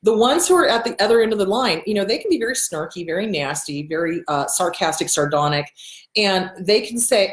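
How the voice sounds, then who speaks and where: A woman's voice: fairly low pitch, expressive, brisk. A woman hosting a casual advice monologue as a therapist, talking bluntly and emphatically, swearing and repeating words for stress. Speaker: host and therapist. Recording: echoey room.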